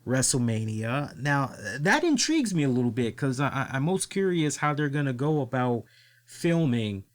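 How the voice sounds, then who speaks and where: A man's voice: mid-range voice, normal speed. A man hosting a casual wrestling podcast who swears freely, laughs often and tells stories with lots of energy. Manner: animated, profane, laughs often. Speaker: podcast host.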